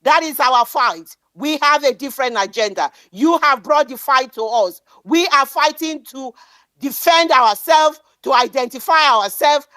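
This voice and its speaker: A woman with a high-pitched, fairly bright voice delivers an impassioned political speech at an online activist meeting. She is defiant and declamatory, repeating lines for emphasis, and the recording is dry.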